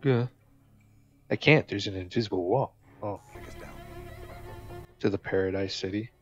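A man's voice: on the low side, measured pace, dull audio, soft background music. A man giving casual, joking gameplay commentary, swearing and talking back to game characters. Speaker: gamer.

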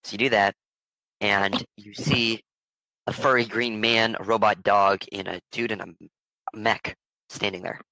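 Gravelly, bright-voiced male game master. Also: lowish voice, fairly even intonation, a little slow, dry recording, rough recording. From Germany. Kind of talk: narrating a tabletop game.

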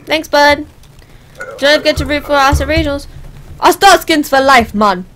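A woman's voice: high voice, moderate pace, a bit bright, a little hiss or hum. A woman voicing a cheerful young male sports fan with a Jamaican accent.

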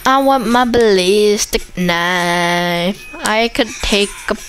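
Excitable woman narrating her gameplay, slow-paced. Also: medium pitch, faint music behind, rough recording. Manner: excitable, chatters at the game and the zombies. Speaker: gameplay commentator. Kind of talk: casual commentary over a zombie shooter game.

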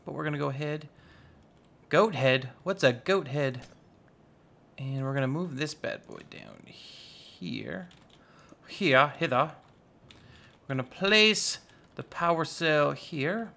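A young man giving casual, goofy let's-play commentary, chatting excitedly with his viewers. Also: a little high, slow pace, gravelly, pauses often. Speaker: gaming YouTuber.

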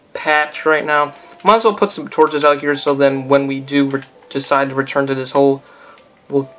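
A man's voice: mid-range voice, fairly bright tone. A young man giving casual, rambling let's-play commentary, goofing around and talking to himself and the game. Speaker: gameplay commentator.

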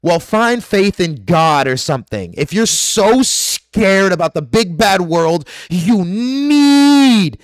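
High-pitched guy yelling and preaching at his viewers, swears a ton, dead dry sound. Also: animated, slow pace, hardly any pauses, no room sound. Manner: aggressive, profane and preachy. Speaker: conspiracy vlogger. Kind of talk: ranting monologue to camera.

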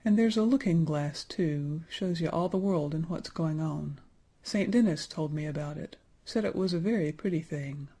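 A drowsy old knight of marble drawls through his lines, as a man reads him aloud. The voice is mellow and a little husky, easygoing and yawning in a storybook telling. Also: fairly high pitch, moderate pace. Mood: sleepy. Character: sleepy old male stone saint-knight.

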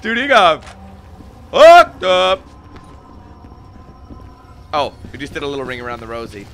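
Excitable, cursing gameplay commentator man. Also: fairly high pitch, measured pace. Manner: excitable, swears a lot, yells when panicked. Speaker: let's play commentator.

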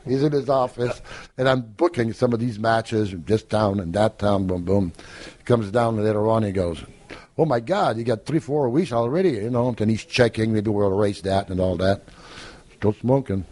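An older man, a podcast guest, telling lively anecdotes, acting out the voices of people he quotes and laughing often. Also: on the low side, moderate pace. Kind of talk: anecdotal storytelling.

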